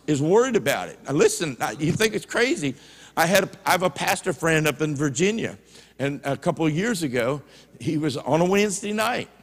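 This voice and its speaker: In a church sanctuary with a big-room sound, a man with a mid-range voice preaches a sermon. He tells stories folksily, retelling conversations line by line.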